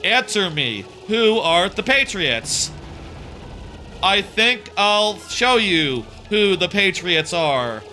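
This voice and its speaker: A man's voice: high-pitched, very animated, slow, sharp tone, faint music behind, heavily acted. A man hamming up a menacing spy villain. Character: menacing male spy villain interrogating someone.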